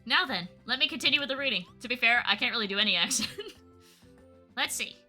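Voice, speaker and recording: Woman doing a prim lecturing bird teacher, voice dropped low, fussy and formal. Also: animated, fast, pushed and bright, soft background music. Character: stern bird schoolteacher, strict and prim.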